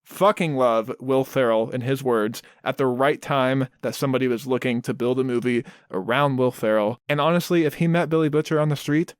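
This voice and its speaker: A man's voice: medium pitch, fairly quick, hardly any pauses, smooth, dry recording. A man co-hosting a podcast, making wry, sardonic comments in casual banter. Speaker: podcast co-host.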